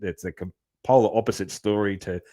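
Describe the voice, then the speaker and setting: A man's voice: on the low side, steady tone, fairly quick, warm tone. A man hosting a casual podcast, easygoing and full of fillers like man and mate. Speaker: podcast host.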